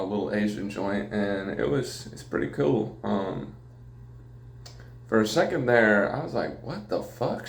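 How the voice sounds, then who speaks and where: Brief: a low-voiced male podcaster riffing casually and crudely, recorded in an echoey room. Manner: rambling, profane, jokey, laughs often. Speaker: podcast host. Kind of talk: casual solo podcast monologue.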